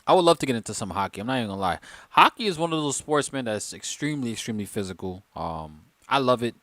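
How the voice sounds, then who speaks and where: A man's voice: mid-range voice, very animated, fast talker, a bit bright, dry recording. A man chatting loosely and joking with his viewers on a livestream, a little tipsy from wine. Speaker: livestream host. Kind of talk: casual live-stream chat.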